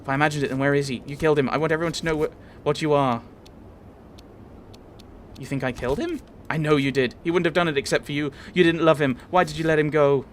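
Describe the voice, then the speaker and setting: A man's voice: fairly high pitch, quick pace, pauses often, slight background noise, pitched above the performer's own voice, close to an everyday voice. A man voicing a heartbroken, jealous young woman who pleads and accuses in a raised voice. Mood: accusing.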